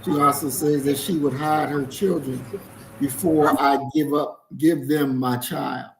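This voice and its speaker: A male talk-show host who reads viewer comments aloud and puts pointed questions to his guest in a measured way. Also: on the high side, steady tone, vocal fry, background noise. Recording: echoey room.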